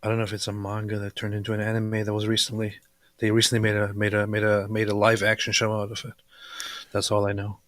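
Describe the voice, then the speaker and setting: A man with a fairly low voice talks casually and haltingly, pausing to find his words. The sound is dry and close to the mic. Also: completely flat delivery, fairly bright tone, dry recording. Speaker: co-host. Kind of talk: casual livestream chat.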